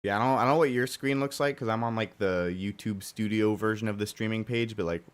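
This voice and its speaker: A young man streaming a racing game live, talking casually and profanely while he plays, with a hoarse, strained voice and sudden loud outbursts. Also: on the low side, brisk. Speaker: gaming streamer.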